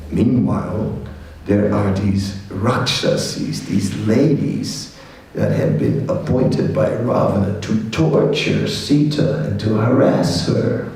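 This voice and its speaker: A man, a monk giving a scripture class, telling a fable in an animated way with chatty asides. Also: lowish voice, slow pace. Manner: animated storyteller, acts out voices, chatty asides. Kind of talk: lecture storytelling. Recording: echoey hall from far off.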